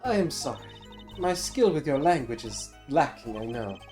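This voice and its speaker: A man voicing a shy young foreign female singer who speaks halting, formal English. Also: mid-range voice, sing-song, darkish tone, soft background music, close to an everyday voice. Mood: hesitant.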